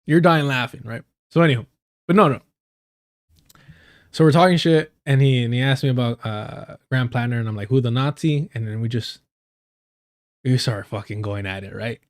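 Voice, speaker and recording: A man on a live stream, spinning casual stories from work with plenty of cursing and laughter. His voice sits at an ordinary middle pitch and his talk wanders, doubling back on itself as he goes. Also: normal speed, pauses often. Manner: profane, laughs often, loose and rambling. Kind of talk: casual storytelling.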